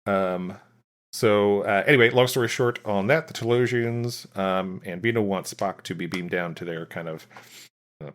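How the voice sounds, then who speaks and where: Low-voiced man, halting casual recap. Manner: halting, lots of fillers and restarts, laughs often. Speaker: podcast co-host. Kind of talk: casual chat recapping a TV episode.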